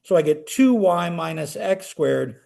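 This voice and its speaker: High-voiced man lecturing a class. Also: a little slow, vocal fry. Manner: animated, talks students through steps with questions. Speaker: calculus lecturer.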